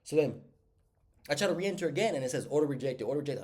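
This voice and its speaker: A man's voice: fairly high pitch, animated, fast, darkish tone. A congested man, casually recapping his day trades for viewers in a slangy, talkative way.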